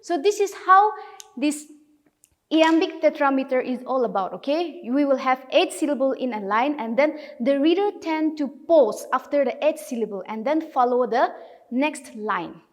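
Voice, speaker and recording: A woman's voice: sits high, expressive, normal speed, big-room sound. A woman teacher giving a recorded lesson, explaining patiently and often checking in with the class.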